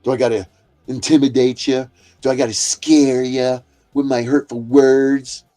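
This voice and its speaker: A man's voice: mid-range voice, fairly even intonation, measured pace, mellow, soft background music. Profane, confrontational man ranting. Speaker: livestream host. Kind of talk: angry ranting monologue.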